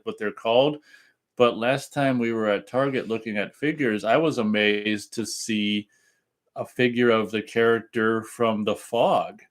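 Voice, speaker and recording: A man co-hosting a casual radio show, reading listener chat comments aloud and adding relaxed asides. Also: medium pitch.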